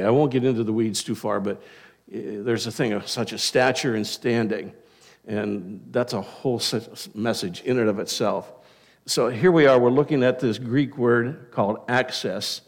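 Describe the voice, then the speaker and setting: A male pastor delivering a sermon in an unhurried, conversational way. His voice sits at an ordinary middle pitch, and he drifts into asides and restarts. He slows down to lean on the key words.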